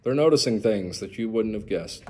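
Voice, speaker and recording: A man leading a church Bible study, animated and asking the group questions. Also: fairly low pitch, normal speed. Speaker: pastor.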